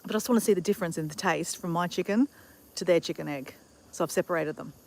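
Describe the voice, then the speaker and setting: A woman's voice: lowish voice, fast talker, vocal fry, a little hiss or hum. An Australian woman chatting upbeat to her live-stream viewers from a backyard. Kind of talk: casual live-stream chat. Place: outdoors in a backyard with chickens.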